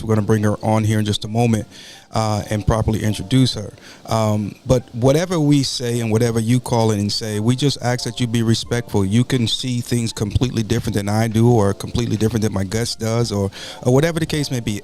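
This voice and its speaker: A man's voice: mid-range voice, a little mellow. Male pastor-host, folksy, sermonizing, stumbles over repeats. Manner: folksy, preachy, repeats words. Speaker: talk show host and pastor. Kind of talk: casual call-in show hosting.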